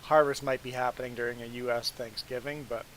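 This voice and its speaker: A man's voice: mid-range voice, fairly quick, a little hiss or hum, low-quality recording. A man from Canada chatting casually as a live streamer, telling rambling stories and chuckling often. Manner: relaxed, rambling storyteller who chuckles often. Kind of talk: casual chat while playing a game.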